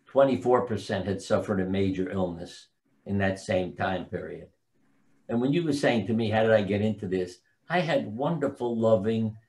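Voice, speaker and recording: A man's voice: on the low side, a little mellow. Older man rambling through anecdotes. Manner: rambling anecdotal storytelling, forgets names. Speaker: guest, physician and author. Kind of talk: casual conversational interview.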